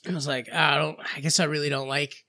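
Man, podcast co-host, a bit high-pitched, casual, giggly anecdotes. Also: flat delivery, racing, sharp tone. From Florida. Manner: laughs often, tells stories with voiced quotes. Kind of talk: casual chat.

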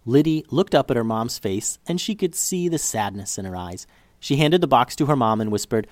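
Expressive man reading a children's story. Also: mid-range voice, moderate pace, no room sound.

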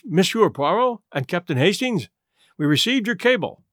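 A man's voice: sits high, very animated, normal speed, a bit bright, no echo, clean studio sound, exaggerated voice. A man voicing a grave, steadfast, gray-bearded British archaeologist who speaks formally.

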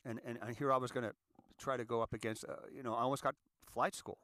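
A man of sixty from California, hosting a show and telling his story in an earnest, halting monologue that often repeats words. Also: medium pitch, steady tone, a bit bright, no echo. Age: 60s. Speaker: show host. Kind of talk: confessional monologue.

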